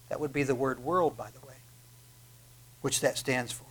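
A man's voice: mid-range voice, normal speed, long pauses, a bit bright, husky. A man preaching a sermon, fervent and swelling to emphatic peaks, with frequent restarts.

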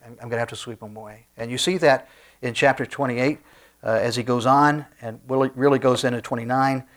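A man preaching a sermon in a conversational way, with frequent restarts and soft asides. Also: mid-range voice. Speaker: pastor.

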